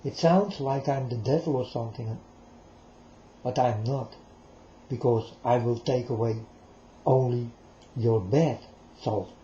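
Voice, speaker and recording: This preachy, rambling talk comes from a man of medium pitch whose dark voice moves unhurriedly, broken by long pauses. He speaks directly to the listeners and keeps repeating himself. Slight background noise sits under a roomy, dull lo-fi recording.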